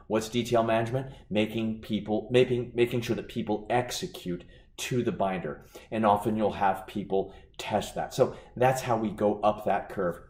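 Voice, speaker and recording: A man giving a business lecture, animated and acting out anecdotes as he teaches. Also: fairly low pitch, reverberant. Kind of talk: lecture with storytelling.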